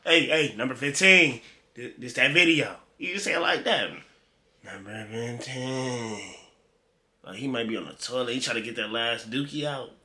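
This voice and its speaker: A man's voice: medium pitch, fairly quick, sharp tone. A man hosting a reaction video, giving casual, joking, slang-filled commentary.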